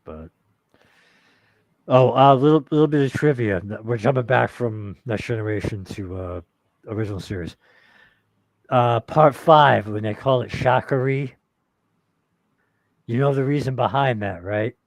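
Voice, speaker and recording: A man's voice: mid-range voice, measured pace, pauses often. A man with a mid-range voice chats easily as a livestream guest. He keeps his replies short and easygoing, and now and then drops a bit of trivia. The sound is dry, with no echo. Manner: laid-back, trades trivia in short replies. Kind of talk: casual fan chat.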